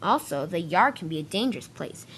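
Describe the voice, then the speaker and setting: A woman's voice: lowish voice, brisk, slight background noise. A woman doing a patient mentor engine. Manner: calm, explaining, patient. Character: helpful male engine, calm patient mentor.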